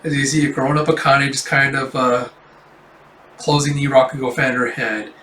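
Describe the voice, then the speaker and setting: A man's voice: medium pitch, steady tone, normal speed, sharp tone, slight background noise. A young man casually reading and reviewing a manga chapter, rambling and filling gaps with "you know" and "like". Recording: roomy, distant mic.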